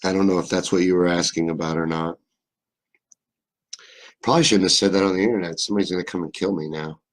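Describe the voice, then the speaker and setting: A young man with a very low, deep voice and a faint Southern drawl, from Kentucky, hosting a live stream. He reads viewer comments and riffs on them in a loose, rambling way, cracking jokes and swearing freely. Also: quick pace. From Kentucky, USA. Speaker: livestream host. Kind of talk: casual live-stream chat reading comments.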